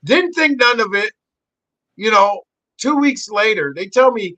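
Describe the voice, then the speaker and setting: Animated, cussing man telling a story. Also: normal speed, poor audio. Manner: animated, profane, acts out quotes with big pitch jumps. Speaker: podcast guest, actor. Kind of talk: casual storytelling chat.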